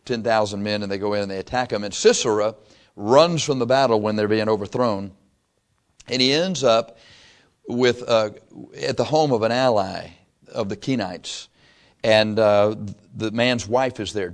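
A man's voice: on the low side, normal speed. A man, a pastor, teaching the Bible to his congregation in an easygoing, storytelling way, often asking them questions. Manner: conversational storytelling, asks the congregation questions, chuckles.

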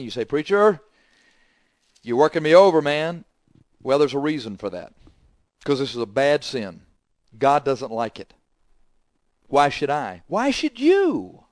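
Guy preaching, firing off questions at the crowd, dry sound, middle pitch. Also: darkish tone, dry recording. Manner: emphatic, confrontational rhetorical questions. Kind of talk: sermon.

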